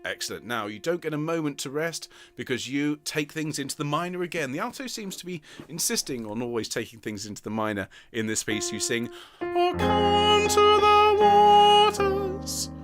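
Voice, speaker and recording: A woman's voice: very deep voice, a little fast, hardly any pauses. A woman leading an online choir rehearsal, patiently counting in and singing short phrases of the alto part to demonstrate. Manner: patient, encouraging coaching. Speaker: choir director. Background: piano accompaniment.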